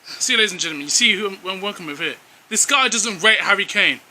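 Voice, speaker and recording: A man's voice: high voice, lively intonation, fast, pushed and bright, a little hiss or hum. A man co-hosting casual football banter, argumentative, saying "bro" and "fam" and addressing the audience. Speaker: co-host.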